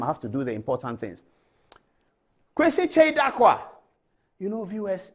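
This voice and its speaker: A middle-aged man with a Ghanaian English accent, hosting a TV talk show monologue in a chatty, animated, digressive way. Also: fairly high pitch, breathy edge.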